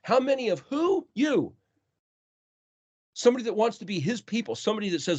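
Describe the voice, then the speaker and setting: A man's voice: high-pitched, big pitch swings, brisk, pauses often. A man teaching scripture in an earnest way, asking many rhetorical questions. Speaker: teacher of a scripture study call. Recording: dull lo-fi sound.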